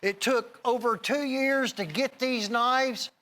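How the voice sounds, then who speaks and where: A middle-aged man hosting a TV shopping show, giving a folksy, rambling sales pitch straight to viewers. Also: slow, pushed and bright. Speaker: TV shopping host.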